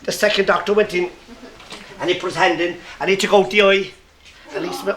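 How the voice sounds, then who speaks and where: Irish man, live storyteller, comic and lively, high voice, echoey room, faint noise. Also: brisk.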